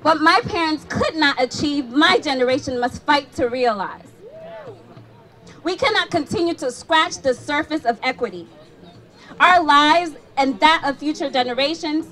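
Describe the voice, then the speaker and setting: High-voiced young woman giving a rally speech. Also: measured pace, fairly bright tone. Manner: rhythmic, declamatory, calls for response. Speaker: rally speaker. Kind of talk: impassioned protest speech. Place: outdoor rally crowd. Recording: outdoor rally with crowd and music.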